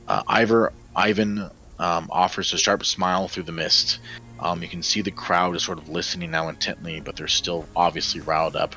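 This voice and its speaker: A man's voice: sits low, fairly even intonation, normal speed, sharp tone, faint music behind, poor audio. A man running a tabletop game as game master, narrating dramatically with many fillers.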